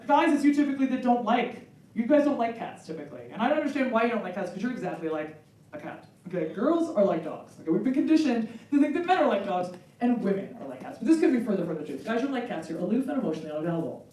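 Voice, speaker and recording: A woman in her forties doing a stand-up comedy set, animated and acting out bits in high squealing voices. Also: fast talker. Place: comedy club stage. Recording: roomy club with loud crowd laughter, from far off.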